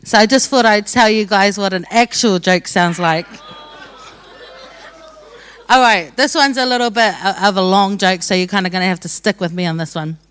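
A woman's voice: medium pitch, moderate pace, a bit bright, clean tone, some chatter behind. A young woman sharing her testimony with a church gathering in a casual, joking way, often laughing as she talks. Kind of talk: sermon testimony.

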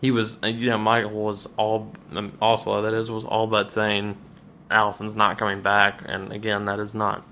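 A man co-hosting a podcast in casual chat, ranting with frequent restarts and sudden jumps up in pitch. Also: moderate pace, slight background noise. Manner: animated, restarts often, rants with rising pitch. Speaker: podcast co-host.

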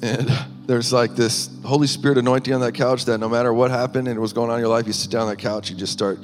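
A man sharing a personal testimony in a sermon, earnest and halting, with small laughs between thoughts. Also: mid-range voice, fairly even intonation. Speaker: minister. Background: music.

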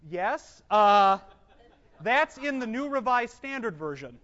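A Bible teacher's mid-range voice comes across sing-song and a bit bright as he teaches a live group. He reads scripture slowly aloud, explains it, and quizzes the room, answering his own questions. The hall recording is dull and echoey.

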